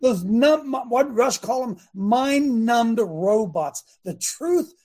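A middle-aged man hosting a fiery preaching talk show, speaking emphatically and often rising to shouts. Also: very high-pitched, expressive, slow.

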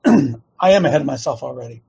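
A middle-aged man hosting a Christian talk show, rambling and preachy, with many restarts and a slightly hoarse throat. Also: medium pitch, lively intonation, normal speed, darkish tone.

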